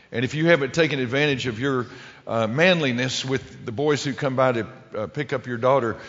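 A man's voice: mid-range voice, a bit bright. A middle-aged man telling a humorous story to a live audience, rambling and restarting his sentences often. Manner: rambling, with many restarts and stumbles. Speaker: public speaker telling a story. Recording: lo-fi recording with long hall reverb.

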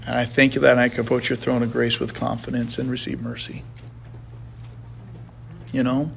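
A man's voice: mid-range voice, fairly even intonation, fairly quick, creaky, background noise. A middle-aged man leading a casual Bible study, earnest and heartfelt, often stumbling and repeating words as he talks.

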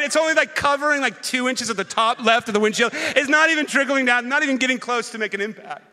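A man preaching as pastor, telling an animated personal story that swings from loud rants to quiet, earnest reflection. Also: sits high, quick pace. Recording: long hall reverb.

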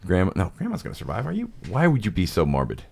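A young man with a very deep, low voice chats loosely on a podcast. He rambles through silly stories and slips into quick acted voices for the people in them. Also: wildly swooping pitch, vocal fry, a little mellow. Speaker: podcast host. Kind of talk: casual chat.

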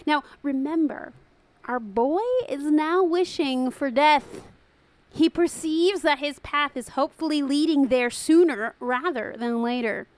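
A woman hosting a casual chat about art songs, playful and quick to laugh. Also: sits high, no room sound. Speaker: podcast host. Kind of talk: casual music discussion.

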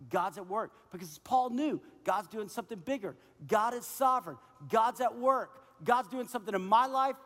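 Pastor, male, lively conversational sermon, high voice, church hall with a long reverb tail. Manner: energetic, conversational preaching with acted-out dialogue. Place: church auditorium.

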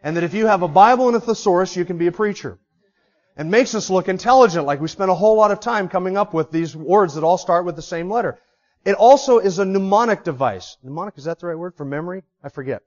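A man preaching an expository sermon, moving from quiet explanation to loud, repeated declarations. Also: sits high, fast. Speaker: pastor. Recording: dull lo-fi recording.

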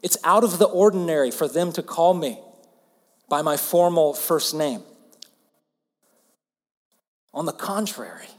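Slow Southern man preaching in a hall. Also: fairly high pitch, animated. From Alabama, southern US. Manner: earnest, swings from loud emphasis to hushed softness. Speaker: pastor. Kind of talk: sermon.

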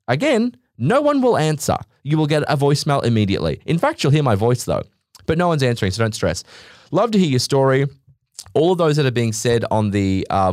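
A man's voice: medium pitch, darkish tone, dry recording, clean studio sound. Brash, sweary Australian man ranting. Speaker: podcast host. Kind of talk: solo podcast rant.

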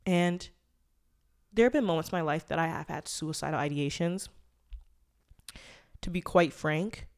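A woman's voice: low-pitched, measured pace, long pauses. A young woman in her twenties hosting a casual solo podcast, talking candidly and rambling with lots of fillers and swearing. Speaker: podcast host.

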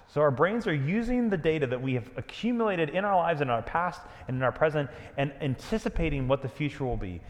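A man preaching a sermon, dramatic and conversational, dropping to a hush on key lines. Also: fairly high pitch, in a large hall. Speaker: pastor.

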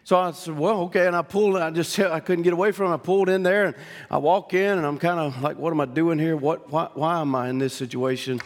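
A middle-aged Southern-accented man from Louisiana preaches a sermon in a folksy, storytelling manner, restarting often and building to shouted climaxes. His pitch is fairly high and his tone steady, and he talks fast in a big-room space.

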